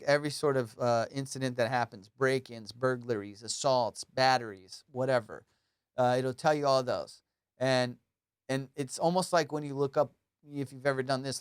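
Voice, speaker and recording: A man hosting a podcast, telling profane, rambling comic stories in a casual, animated way. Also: a little high, no echo, clean studio sound. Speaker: comedian and podcast host. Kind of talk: casual comedic storytelling. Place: Los Angeles.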